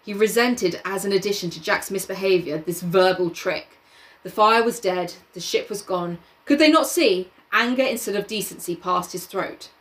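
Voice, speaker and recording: A woman's voice: medium pitch, moderate pace. Woman reading a novel aloud. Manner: casual, laughs often, swears. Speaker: podcast co-host and reader.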